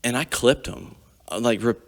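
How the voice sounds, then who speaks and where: A man's voice: mid-range voice, normal speed. A man in his forties, a podcast guest, telling army stories in a profane, vivid, casual way. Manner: profane, vivid storytelling with frequent swearing. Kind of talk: casual storytelling. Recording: long hall reverb.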